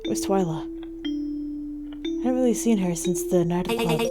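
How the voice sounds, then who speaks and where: A woman hosting a gaming channel, reading the narration of a visual novel aloud in a calm, soft storytelling way. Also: medium pitch, unhurried, long pauses, loud music behind the voice.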